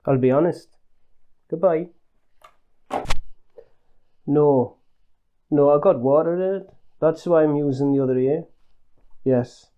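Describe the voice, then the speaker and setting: A man voicing a boastful factory owner chatting on the phone, with a deliberately put-on regional accent and breezy, cheeky banter. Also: a little high, very animated, highs cut off, pitched above the performer's own voice.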